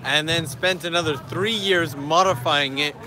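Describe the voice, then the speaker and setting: A man's voice: fairly high pitch, normal speed, noisy background. A man hosting a casual livestream outdoors in a park, chatting and answering viewer questions as he walks. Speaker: livestream host. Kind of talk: casual live-stream chat.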